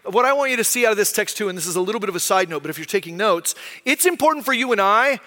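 A man's voice: high-pitched, animated, racing, pushed and bright, in a large hall. A man preaching a sermon as pastor, conversational and explaining with frequent rhetorical questions.

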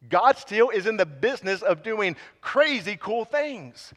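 A man's voice: sits high, lively intonation, normal speed, few pauses, a bit bright. A man preaching a sermon as pastor, fervent and pleading, his intensity building as he speaks. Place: church sanctuary. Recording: long hall reverb.

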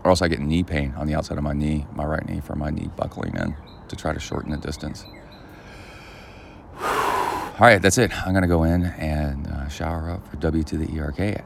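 A man hosting his own podcast in casual solo chat outdoors by a pool, rambling and halting with lots of fillers. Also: a bass voice, vocal fry, noisy background. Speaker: podcast host.

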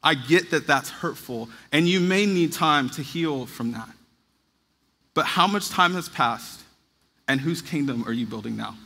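A man's voice: on the high side, unhurried, vocal fry, sharp tone, breathy edge. A man in his thirties preaching a sermon in an earnest, conversational way, now and then acting out what other people say. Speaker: pastor. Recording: long reverb of a large hall.

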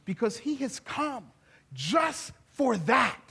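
A male pastor, preaching an animated sermon that swings from soft to loud and grows emotional. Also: very high-pitched, takes it slowly, gravelly, slightly rough. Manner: gets emotional and laughs while speaking.

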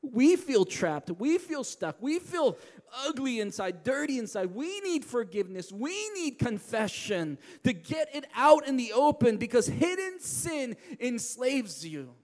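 A man preaching a sermon as pastor, swinging from loud emphatic lines to hushed, quiet ones. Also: very high-pitched, big pitch swings, unhurried. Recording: long hall reverb.

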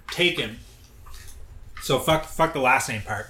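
A man's voice: medium pitch, a little slow, sharp tone, a little hiss or hum. A young man co-hosting a podcast, chatting casually in a loose, profane way. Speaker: podcast co-host. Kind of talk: casual chat. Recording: roomy echo.

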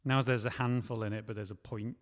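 A man's voice: on the low side, fairly even intonation, fairly quick, big-room sound. A man who writes and produces films, talking in a loose, rambling way and often stopping to correct himself. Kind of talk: casual chat.

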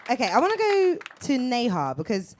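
A woman hosting a live podcast panel, asking questions with warm enthusiasm and encouragement. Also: fairly high pitch, huge pitch swings, a little fast, slight background noise. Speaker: podcast host. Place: live event venue.

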